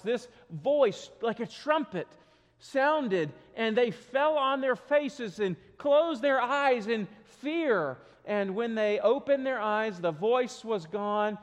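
A man with a notably high voice delivers an earnest sermon, repeating his key phrases for emphasis. The sound carries a long reverb from a large church hall. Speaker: preacher.

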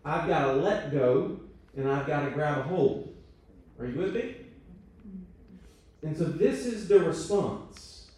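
A man leads a church training talk in a church meeting room, conversational, checking in with his audience and making self-deprecating jokes. His slightly high, expressive voice is slow and darkish, with frequent pauses. The room is very echoey and he sounds far off.

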